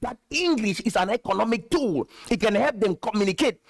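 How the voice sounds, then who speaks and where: High-voiced man lecturing with emphasis. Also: lively intonation, fairly quick, gravelly, no room sound. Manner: emphatic, lecturing, repeats points. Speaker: host. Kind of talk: direct-to-camera commentary.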